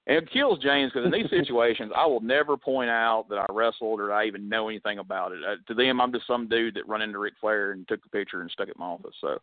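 A man's voice: on the low side, fast, hardly any pauses, dry recording. A man, casually telling a story as a wrestling podcast co-host and acting out the quoted voices. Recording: dry, phone-like audio.

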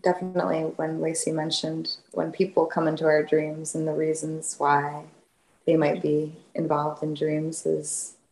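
A woman guest in a group discussion, musing in an unhurried, dreamy way. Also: deep voice, mellow, echoey room, low-quality recording. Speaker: podcast guest.

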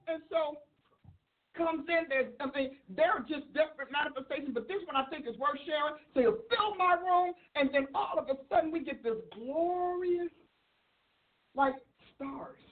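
A woman preaches with excitable energy, often laughing and acting out the voices in her stories. Her voice sits high. The sound is thin and phone-like. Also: moderate pace. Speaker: preacher and author. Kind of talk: sermon. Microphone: livestream.

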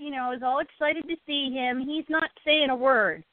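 A woman co-hosting a casual chat, telling stories in an animated way. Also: high-pitched, moderate pace, dry recording. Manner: animated storyteller, mimics her pet bird. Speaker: co-host. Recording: tinny phone-like sound.

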